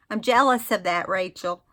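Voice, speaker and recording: Against a noisy background, a craft video host speaks at a measured pace in a mid-range voice. She talks to her viewers as she works through the tutorial, chatty and often correcting herself.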